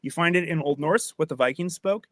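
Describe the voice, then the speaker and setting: In clean studio sound with no room noise, a fairly high-pitched man talks fairly quickly. He's a podcast host giving a casual lecture on Old English poetry, chatty and a little tipsy on wine, often restarting and repeating phrases and checking his listener is with him.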